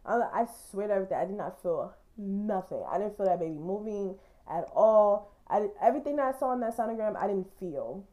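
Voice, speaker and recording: A woman's voice: mid-range voice, animated, fairly quick, few pauses, dark tone. A young woman hosting a podcast, telling a personal story in a blunt, candid way and swearing casually. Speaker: podcast host.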